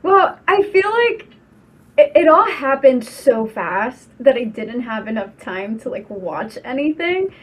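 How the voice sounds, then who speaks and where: A woman, an actress appearing as a guest in a podcast interview, who speaks softly, giggles and lets her sentences trail off quietly. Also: high voice, sing-song, a little slow.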